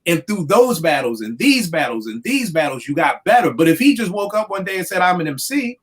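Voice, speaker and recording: A man in his forties, a podcast host, ranting in animated, profane casual chat. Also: sits high, brisk. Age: 40s.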